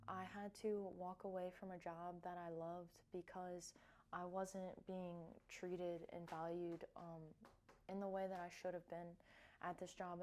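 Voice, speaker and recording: A woman vlogger talking casually and softly, with lots of fillers and restarts, as she reflects on cards she has drawn. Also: lowish voice, slight background noise. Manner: soft-spoken, hesitant with many fillers. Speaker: wellness vlogger.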